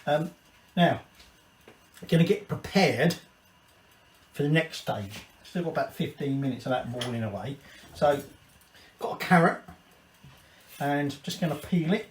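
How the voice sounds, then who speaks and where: A man's voice: on the high side, lively intonation, unhurried, long pauses. A man hosting a casual cooking video, rambling, swearing and drinking while he cooks. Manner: rambling, swearing, tipsy asides. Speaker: cooking channel host. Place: home kitchen. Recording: echoey room, distant mic, faint kitchen noise. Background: clatter of pots and cutlery.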